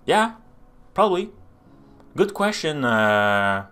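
A man's voice: fairly high pitch, very animated, slow pace, a bit bright, clear, resonant tone. A man with a Quebecois French accent, live-streaming as he codes, thinking aloud and answering chat questions with lots of fillers and restarts. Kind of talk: casual live-stream chat while coding.

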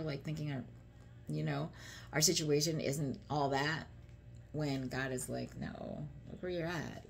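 Low gravelly woman, earnest chatty faith talk. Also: darkish tone. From United States. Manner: chatty, earnest, frequent fillers and rhetorical "right?". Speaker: faith vlogger. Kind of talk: casual devotional talk.

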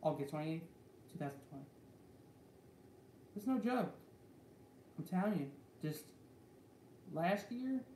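A man's voice: a little high, animated, takes it slowly, long pauses, mellow. A young man hosting a casual vlog, rambling and repeating fillers like "so" and "guys" over and over. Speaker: channel host. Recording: echoey room with faint background hum.

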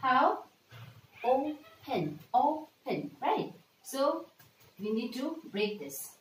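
A woman teaches a lesson in a slow, deliberate way, repeating each word and checking in with "right?". Her voice sits somewhat high and comes from a bit away from the mic. The room is echoey, with faint ambient noise behind her. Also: lively intonation, a bit bright, recorded from a distance. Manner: patient, repeats words slowly, frequent "right?" checks. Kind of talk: classroom lesson for children.

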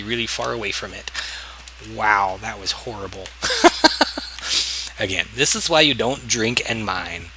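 A gaming video host plays through a let's-play, talking casually to himself and yelping or exclaiming whenever something attacks him. His mid-range voice is bright and forceful, with a little hiss or hum in the audio.

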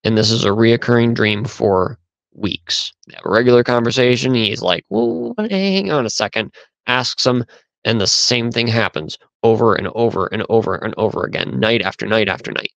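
A podcast host with a lowish, slightly bright voice rambles through stories at a moderate pace, using fillers and restarting sentences as he goes. The recording is dry and dull.

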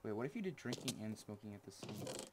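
A teenage boy runs his own gaming channel, rambling through gameplay commentary punctuated by jokes and sudden excited yelps. He talks fast in a fairly low voice over a noisy background.

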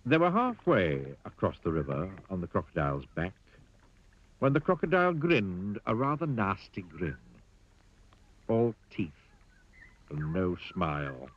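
A man reading a children's story aloud in an expressive, playful storytelling manner. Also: sits low, a little slow, husky, muffled recording. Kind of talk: storybook narration.

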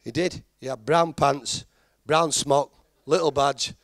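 A man's voice: fairly high pitch, slow, no room sound. A middle-aged man with a Yorkshire accent doing a stand-up routine, telling stories and acting out the people and machines in them. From Yorkshire, England. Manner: animated storytelling, acting out characters and machine voices. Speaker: stand-up comedian. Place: comedy stage before a live audience.

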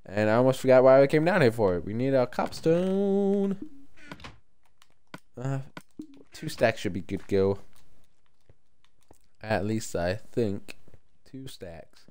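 Smooth-voiced man rambling through a game stream. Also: medium pitch, very animated, a little slow, pauses often, darkish tone. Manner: rambling, chatty, talks to viewers. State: tired, yawning. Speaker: livestreamer. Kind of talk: casual gameplay commentary.

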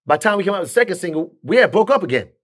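A man's voice: high-pitched, racing. A middle-aged man telling a story in an interview, acting out the voices of the people he quotes. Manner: animated, acts out quoted dialogue.

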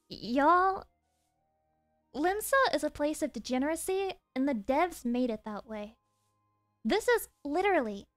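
A woman streaming a game from her desk, chatting in an excitable, rambling way full of swearing. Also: high-pitched, measured pace, faint music behind. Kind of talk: casual game stream chat. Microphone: desk mic.

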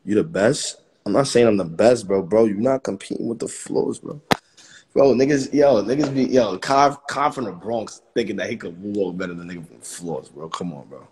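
A man's voice: fairly low pitch, normal speed, darkish tone, a little hiss or hum. A man in his twenties, chatting casually on a livestream and joking trash talk at his viewers. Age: 20s.

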